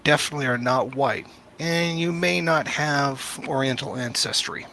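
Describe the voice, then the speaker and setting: Bright, firm lecturing man. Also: mid-range voice, moderate pace, slight background noise. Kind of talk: declarative political statement.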